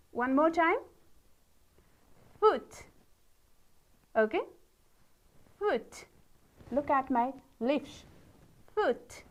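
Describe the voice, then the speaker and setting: A woman teacher with a Nepali accent leading a pronunciation lesson, modelling each word slowly and praising her pupils. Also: sits high. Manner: slow, drawn-out model words with encouraging praise. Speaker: English teacher.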